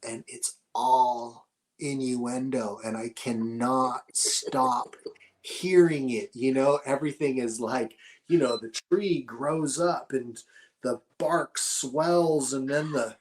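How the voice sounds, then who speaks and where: A man's voice: medium pitch, slow pace. Laid-back profane man. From Northern California. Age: middle-aged. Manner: laid-back, profane, rambling with frequent fillers. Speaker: podcast guest, cannabis grower. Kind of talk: casual conversational storytelling.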